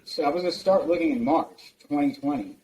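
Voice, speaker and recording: A man in his forties from New Jersey speaks as a guest in a casual interview, telling loose stories packed with fillers and swearing. His voice is on the high side and a little fast, heard over a noisy crowd in poor-quality audio.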